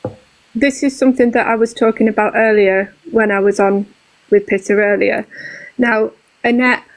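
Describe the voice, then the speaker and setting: A woman's voice: fairly high pitch, steady tone, moderate pace, rough recording. A woman in her thirties with a British accent, explaining her view at length in a casual live-stream chat. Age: 30s.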